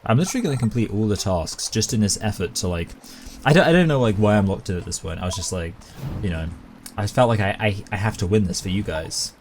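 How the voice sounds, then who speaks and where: Fast and animated, this British man's lowish, darkish voice carries over light hiss or hum. A gaming YouTuber, he chats casually as he plays, spinning out a long, self-aware story.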